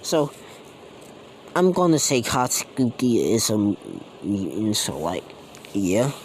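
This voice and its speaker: A man's voice: fairly low pitch, sing-song, slow pace, a little hiss or hum, poor audio. Man rambling through a fan story. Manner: rambling, with many fillers and restarts; slangy and casual. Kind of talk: off-the-cuff fan story narration.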